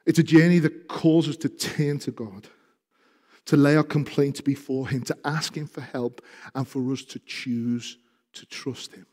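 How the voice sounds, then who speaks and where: A man preaching a sermon, speaking with passion and growing loud when he reads scripture aloud. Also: mid-range voice, steady tone, a little slow. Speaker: pastor. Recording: reverberant hall.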